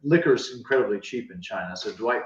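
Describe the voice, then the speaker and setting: Male host, animated, reads comments, muffled roomy room tone. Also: on the low side, a little fast. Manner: animated, reads viewer comments aloud, rambling anecdotes. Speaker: livestream co-host. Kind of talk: casual livestream chat. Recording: roomy, distant, dull sound.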